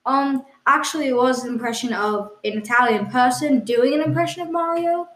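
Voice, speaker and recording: A woman's voice: high-pitched, a little fast, fairly bright tone. A woman co-hosting a comedy podcast, hesitantly and earnestly defending absurd claims. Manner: hesitant, insisting on absurd claims with a straight face. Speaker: podcast co-host. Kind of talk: improvised comedy banter. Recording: echoey room.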